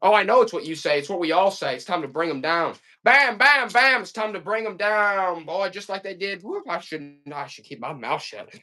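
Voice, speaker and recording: A man's voice: sits high, normal speed, hardly any pauses, pushed and bright, faint music behind. A man hosting a casual live-selling stream, rambling and getting fired up in folksy rants between items. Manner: folksy, calls listeners "boy". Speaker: live auction seller.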